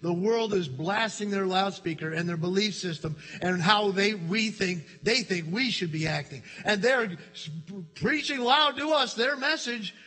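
A man preaching a sermon as pastor, telling stories in an animated way and acting out the voices he quotes. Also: high voice, measured pace. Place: church sanctuary. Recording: church hall reverb.

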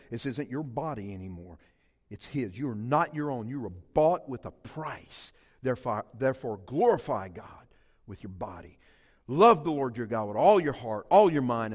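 A man's voice: mid-range voice, big-room sound. A man in his fifties from South Louisiana, preaching a sermon with emphatic, rising repeated phrases. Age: 50s. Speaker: pastor.

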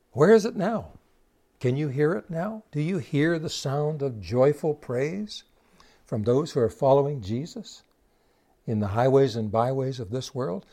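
A man with a mellow, warm, mid-range voice preaches a sermon, retelling the scripture story with quoted dialogue. He keeps putting rhetorical questions to the congregation.

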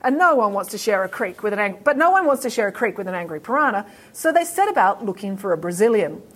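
A woman with an Australian accent telling a story to children in a playful, animated way. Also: mid-range voice, fast talker. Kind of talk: storytelling for kids.

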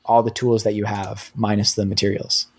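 A man's voice: lowish voice, flat delivery, moderate pace, breathy edge. A man from New Hampshire co-hosting a podcast, chatting casually and laughing easily. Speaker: podcast co-host. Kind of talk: casual chat.

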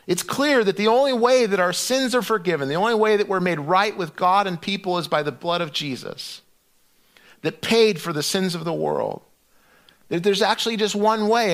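Middle-aged male pastor, fairly high voice, chatty sermon delivery with lots of restarts. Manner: conversational, animated storytelling with restarts.

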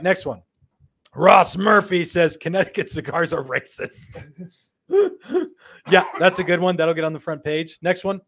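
A man hosting a live show, reading viewer comments one after another and riffing on each with jokes. His voice sits a bit high for a man, and he laughs often. He drops into quick put-on voices when he quotes someone. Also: a bit bright. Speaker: host.

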